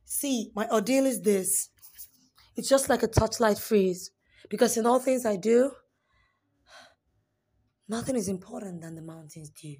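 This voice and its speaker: A young woman performing spoken word poetry, dramatic, swinging between raised pleading lines and hushed whispers. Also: mid-range voice, unhurried, long pauses, husky.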